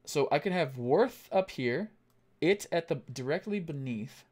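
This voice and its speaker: A young man on a casual live stream, thinking aloud as he works and chatting back to his viewers, with lots of halting fillers and restarts. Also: on the high side, animated, darkish tone. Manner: thinks aloud, reads chat and answers it.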